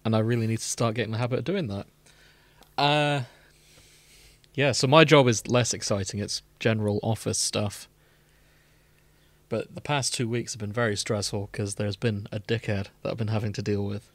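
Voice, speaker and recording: A man's voice: lowish voice, fairly even intonation, moderate pace, pauses often, no echo. Guy cohosting a podcast, casual banter, swears a lot, dead dry sound. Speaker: podcast co-host. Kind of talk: casual chat.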